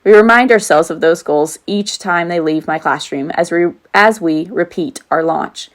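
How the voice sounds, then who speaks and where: A woman in her forties narrates her own audiobook as a teacher, her voice sitting a little low for a woman. She reads earnestly and now and then breaks off into a casual aside before going back to the text. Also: normal speed. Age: 40s. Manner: earnest reading with off-script asides. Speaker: teacher and author reading her own book. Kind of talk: self-read audiobook narration.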